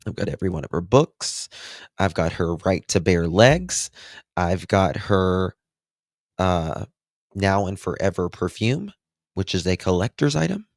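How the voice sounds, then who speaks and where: A man's voice: low-pitched, animated, a little slow, creaky, no room sound, studio quality. A man hosting a true crime livestream, chatting with viewers in a casual, emphatic way. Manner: emphatic, chatty, talks to the chat.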